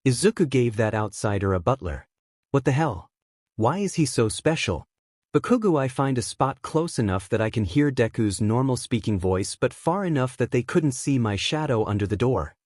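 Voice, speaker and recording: A man's voice: mid-range voice, expressive, brisk, hardly any pauses, darkish tone, no room sound. Man reading a fan story, dry close sound. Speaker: narrator.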